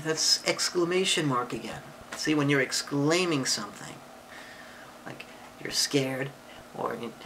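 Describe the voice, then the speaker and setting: A woman reading a picture book aloud to a child and explaining punctuation, patient and affectionate, with sudden high excited voices for exclamations. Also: measured pace, slight background noise, low-quality recording. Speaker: parent or relative reading to a child.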